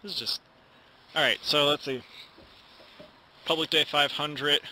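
A man's voice: fairly high pitch, fairly even intonation, measured pace, sharp tone, a little hiss or hum. A young man, a YouTube channel host, talking casually to camera in a home recording, rambling and mumbling at times, with many false starts and retakes. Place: indoors at home, in front of a camera.

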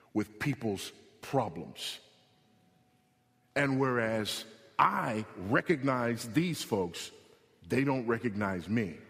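A man preaching a sermon as pastor, emphatic, rising in pitch and slowing for stress. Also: fairly bright tone, long reverb tail. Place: church sanctuary.

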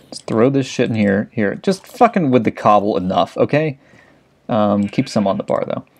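A man's voice: lowish voice, animated, normal speed, creaky, darkish tone. A young man giving frantic, swear-filled commentary while playing a video game. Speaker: let's play gamer. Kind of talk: casual gameplay commentary.

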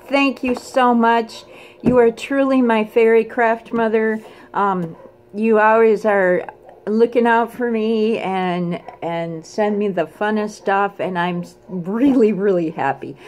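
Gushing woman with a high, unhurried voice. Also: slight background noise. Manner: gushing, excitable, squeals and screams with delight. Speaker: craft vlogger. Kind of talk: casual unboxing vlog.

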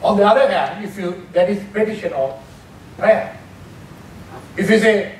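A man's voice: sits high, lively intonation, measured pace, pauses often. A man preaching a sermon as pastor, emphatic, repeating key phrases and lifting his voice on quoted prayers. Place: church sanctuary. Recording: echoey church hall from far off, some noise.

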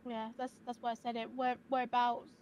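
A woman's voice: a little high, flat delivery, a little fast, highs cut off. A woman from Yorkshire with a Yorkshire accent, giving dry, guarded, short answers in casual in-character role-play chat. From Yorkshire, England.

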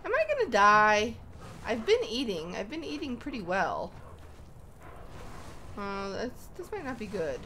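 A woman's voice: medium pitch, wildly swooping pitch, measured pace, pauses often, bright, forceful tone, slight background noise. A young woman giving casual let's-play commentary, chatting to the animals in her game as if they were her kids. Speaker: gaming YouTuber.

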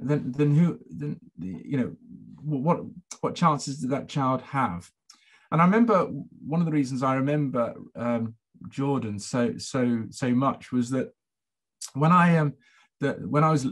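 A middle-aged man with a husky, slightly breathy voice speaks to a conference audience. He tells his story in a halting, reflective way, with many fillers and restarts, at a middle pitch. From England. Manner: hesitant, many fillers and repeated words. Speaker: conference speaker, former head teacher.

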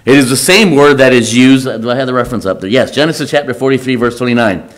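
A man as pastor, preaching a conversational sermon in a church, often restarting and halting over his words. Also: mid-range voice. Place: church sanctuary.

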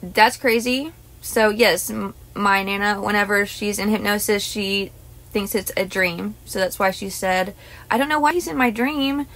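Woman host, hypnotist, casual vlog story, emotional, rambling, mid pitch. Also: steady tone, measured pace, fairly bright tone. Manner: rambling, emotional, many restarts and asides.

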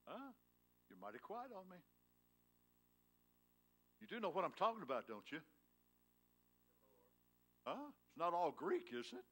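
A male pastor preaching a sermon in a church, swinging from loud, emphatic lines to hushed, tender ones and prodding his congregation with questions. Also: high-pitched, huge pitch swings, a little slow, pauses often. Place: church sanctuary.

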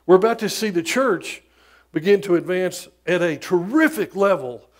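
A middle-aged man preaching a sermon as pastor, emphatic, moving between loud declarations and quiet asides. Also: high voice, expressive, moderate pace.

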